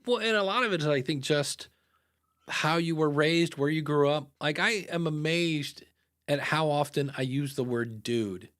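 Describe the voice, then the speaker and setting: A man from the United States co-hosting a podcast in casual chat, animated and jokey, rambling with fillers. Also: fairly high pitch, moderate pace. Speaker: podcast host.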